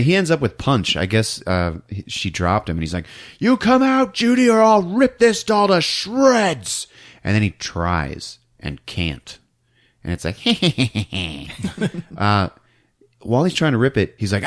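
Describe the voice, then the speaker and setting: A man hosting a podcast, recapping a movie in a casual, giggly storytelling way. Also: sits low. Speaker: podcast host.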